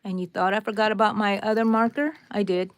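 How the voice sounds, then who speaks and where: A woman's voice: mid-range voice, fairly even intonation, a little fast, smooth. A woman with a Texan drawl chats away to her viewers while she teaches a crochet project live, wandering into friendly asides. Her voice sits in an ordinary middle range. The sound is dry and close, with no room echo. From Texas, USA. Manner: chatty, talks straight to viewers, rambling asides. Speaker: crochet livestream host. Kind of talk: casual live crochet tutorial.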